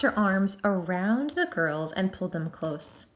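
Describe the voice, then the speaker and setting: A woman reads a children's novel aloud with expressive, animated narration. Her pitch sits mid-range but moves widely and playfully across each sentence. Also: measured pace, few pauses. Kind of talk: storybook read-aloud.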